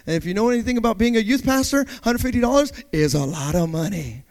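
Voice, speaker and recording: Man, preacher, very high voice, lively sweeping intonation, animated storytelling, questions the congregation. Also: fast talker. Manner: animated, dramatic storyteller with vocal sound effects; speaks directly to the congregation, asking questions. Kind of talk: sermon with personal storytelling.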